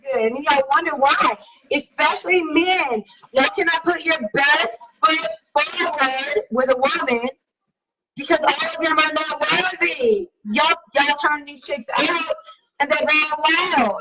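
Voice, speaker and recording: Sassy high-voiced woman hosting a live show. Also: distant mic, very noisy. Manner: sassy, emphatic, slangy. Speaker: talk show host. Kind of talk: casual live-stream chat reading comments. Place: home live stream over wireless connection.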